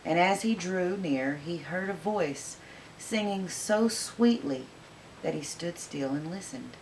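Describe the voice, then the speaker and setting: Woman storyteller, gentle expressive reading, slightly low pitch. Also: slow pace, a little hiss or hum, poor audio. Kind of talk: reading a fairy tale aloud.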